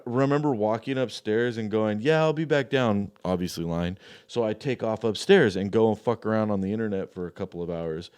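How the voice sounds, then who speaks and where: A man's voice: on the low side, darkish tone, smooth. Young man telling a crude, mocking story. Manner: profane, offhand and mocking. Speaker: podcast storyteller.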